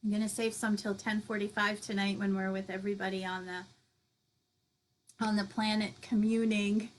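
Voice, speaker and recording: A woman's voice: medium pitch, little pitch movement, moderate pace, poor audio. A woman hosting a spiritual meditation stream, chatting effusively with viewers, laughing often and reading out their comments. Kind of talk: live-stream closing chat with viewers.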